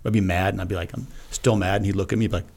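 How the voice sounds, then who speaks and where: A man's voice: sits low, steady tone, rapid-fire, creaky, darkish tone. A middle-aged man, a retired Navy SEAL guest on a podcast, telling a personal story in a frank, earnest, casual way and acting out his own past remarks.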